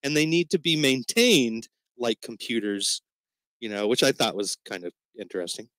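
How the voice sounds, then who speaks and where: A man's voice: medium pitch, animated, normal speed, fairly bright tone, no echo. A man co-hosting a podcast, talking casually and animatedly about a comic book, rambling and swearing now and then. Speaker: podcast co-host.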